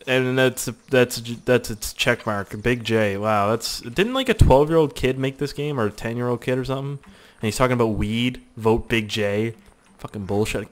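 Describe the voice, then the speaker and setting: A man's voice: mid-range voice, normal speed, a little hiss or hum. A young Canadian man with a sore throat giving rambling, profane commentary while playing a survival game. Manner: rambling, profane, excitable outbursts. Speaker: gaming YouTuber. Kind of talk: casual let's-play commentary.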